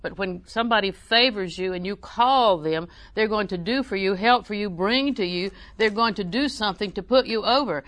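A woman's voice: mid-range voice, moderate pace, few pauses, fairly bright tone, no echo. A woman preaching a sermon, reading scripture aloud and telling folksy family stories.

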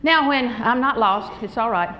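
A woman's voice: fairly high pitch, normal speed, dull audio, background noise. Older woman preaching in an echoey church. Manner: animated, humorous storytelling with frequent laughs. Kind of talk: sermon.

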